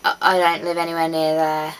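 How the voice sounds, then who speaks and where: A woman's voice: low-pitched, completely flat delivery, a little fast, clean tone, poor audio. A woman, chatting casually to camera with easy laughs and trailing asides. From West Midlands, England. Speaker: vlogger.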